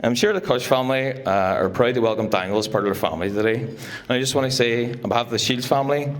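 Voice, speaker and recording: A man's voice: medium pitch, fast. A young man giving a joking, teasing best man speech at a wedding. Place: wedding reception room.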